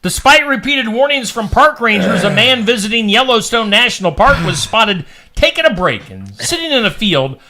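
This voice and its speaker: A man's voice: sits high, sing-song, moderate pace, hardly any pauses, background noise. A man hosting a radio show, reading odd news stories with jokey asides. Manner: barks like a dog for laughs.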